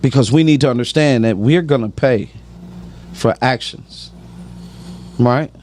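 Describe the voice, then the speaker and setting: A man's voice: medium pitch, unhurried, darkish tone, a little hiss or hum. A man giving emphatic, preachy personal testimony on a podcast, often asking "right?".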